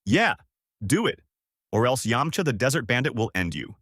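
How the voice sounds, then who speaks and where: Puar, a high-pitched floating cat, read by a man. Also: big pitch swings, moderate pace, fairly bright tone, no echo, clean studio sound. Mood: taunting. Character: small floating blue cat sidekick.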